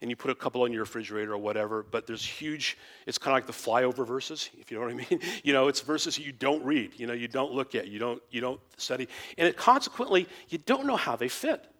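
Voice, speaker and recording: Male Bible teacher, mid-pitched, casual and rambling, lots of fillers and restarts. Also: animated, fast talker, few pauses, fairly bright tone. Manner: rambling, full of "you know" and restarts. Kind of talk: informal teaching talk.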